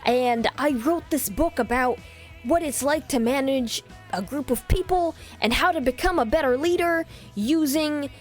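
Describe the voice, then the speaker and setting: A woman voicing an earnest middle-aged male engineer-turned-author who fumbles for his words, slightly higher than her usual talk. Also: very animated, moderate pace, hardly any pauses, soft background music.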